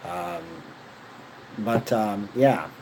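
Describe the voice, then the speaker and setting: A man's voice: mid-range voice, expressive, drawn-out words, creaky, noisy background. A young man telling a rambling personal story, casual and profane, full of fillers and slang. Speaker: vlogger.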